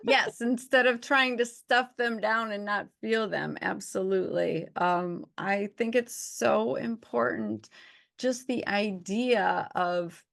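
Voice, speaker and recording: A woman's voice: mid-range voice, takes it slowly, creaky, fairly bright tone. A woman doctor hosting an interview, chatting in an emphatic, agreeing way. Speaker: host, doctor. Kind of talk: casual interview chat.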